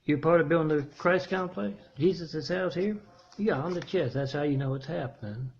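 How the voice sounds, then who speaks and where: A man telling a meandering story in a halting monologue, restarting his phrases often. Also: fairly high pitch, creaky, a little mellow, dull audio, a little hiss or hum. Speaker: self-made video preacher.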